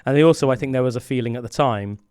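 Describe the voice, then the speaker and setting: A man co-hosting a chatty podcast, his voice smooth and resonant and recorded dry and close. He rambles along with plenty of fillers and restarts. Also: medium pitch, rapid-fire, a little mellow, no echo. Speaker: podcast co-host. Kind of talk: casual chat.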